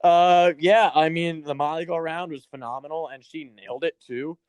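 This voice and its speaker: A man's voice: a little high, steady tone, moderate pace, smooth, no echo. A man co-hosting a podcast, reviewing wrestling in a rambling, casual way, swearing and acting out little quotes. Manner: rambling, swears, acts out quotes in put-on voices. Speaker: podcast co-host.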